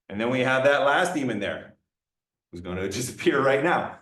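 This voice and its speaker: A man's voice: medium pitch, lively intonation, moderate pace, fairly bright tone. Man lecturing in an echoey room. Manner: playful, acting out examples. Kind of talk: classroom lecture. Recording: roomy lecture room, mic far off.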